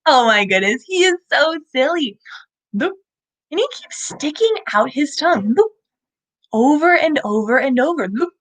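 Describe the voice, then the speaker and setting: A woman hosting a live children's animal show, animated and asking young viewers questions as she presents a lizard. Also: sits high, moderate pace.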